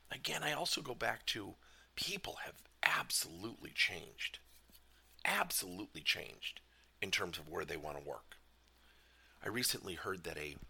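Animated man with a gravelly, bright voice. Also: low-pitched. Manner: animated, emphatic, asks many questions. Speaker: leadership coach. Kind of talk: motivational business talk.

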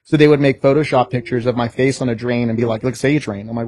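A young American man telling stories in a casual podcast chat, animated and swearing freely. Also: medium pitch, fast. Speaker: podcast guest.

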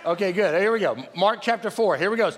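A middle-aged man preaching a sermon as pastor, energetic, calling on the congregation to answer back and restarting phrases as he goes. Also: high-pitched, fast. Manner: energetic, calls for crowd responses, restarts phrases. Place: large church hall. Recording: long reverb from a large church hall.

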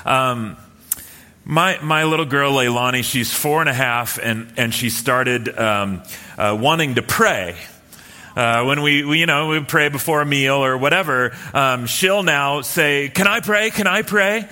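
A man preaching a sermon in a relaxed, storytelling way, with many fillers and restarts. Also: medium pitch, measured pace, big-room sound. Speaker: pastor. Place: church hall with live and online audience.

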